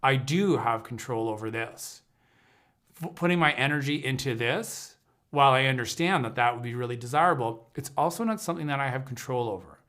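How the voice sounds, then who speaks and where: A man's voice: mid-range voice, fast talker, pushed and bright. A man hosting a livestream as an intuitive counselor, talking in an earnest, searching way and often restarting his sentences mid-thought. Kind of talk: reflective spoken teaching on a livestream.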